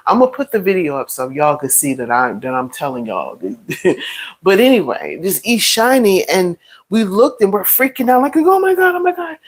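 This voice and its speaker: A middle-aged woman, telling a story in a casual chat while cooking, with animated exclamations. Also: low voice, rough recording. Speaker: vlogger.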